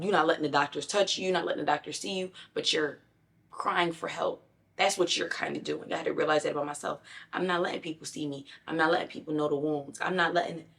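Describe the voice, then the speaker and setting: A woman's voice: low-pitched, a bit bright. A young adult woman talking candidly and emphatically to her viewers in a casual self-help vlog. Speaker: lifestyle vlogger.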